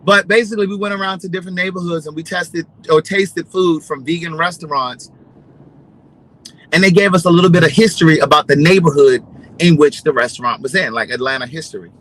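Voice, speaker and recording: A man chatting casually to his viewers, telling stories in a gossipy, animated way. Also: a little high, brisk, low-quality recording. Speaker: vlogger. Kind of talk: casual storytelling chat.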